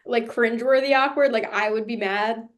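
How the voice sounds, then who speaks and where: A young adult woman co-hosting a podcast, chiming in with quick reactions and joking asides. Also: a little high, steady tone. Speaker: podcast co-host. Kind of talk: casual chat.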